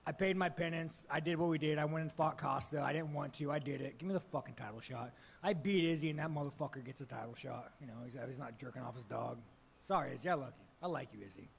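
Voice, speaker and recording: A brash man with a gravelly, slightly raised voice fields questions at a press conference. He jokes and swears freely in a loose, cocky style. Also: on the high side, quick pace. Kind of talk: profane casual press talk.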